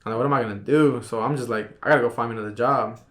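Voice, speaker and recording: A young man in his twenties chats easily on a podcast, his voice at an ordinary middle pitch. He tells his story in a loose, slangy way, with plenty of fillers along the way. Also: very fast, a bit bright. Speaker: podcast guest. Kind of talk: casual chat.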